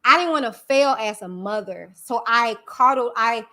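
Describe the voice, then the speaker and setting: A woman's voice: on the high side, expressive, normal speed, sharp tone. A woman hosting a live stream, talking candidly and emphatically to her viewers, calling them y'all. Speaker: channel host.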